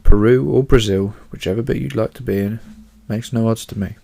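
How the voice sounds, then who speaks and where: A man hosts a casual solo podcast, rambling chattily and swearing offhandedly while fighting off yawns. His lowish voice is creaky and mellow, moving fairly quickly.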